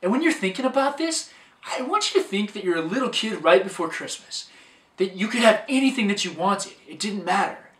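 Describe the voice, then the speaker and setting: A man's voice: sits high, lively intonation, a little fast, fairly bright tone, distant mic. Upbeat man coaching in an echoey room. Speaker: dating coach. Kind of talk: scripted motivational talk.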